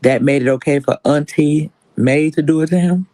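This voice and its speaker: Animated man telling a story on a livestream. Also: a little high, normal speed, no echo, rough recording. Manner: animated storytelling, acts out quotes. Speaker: stream host. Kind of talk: casual commentary on a livestream.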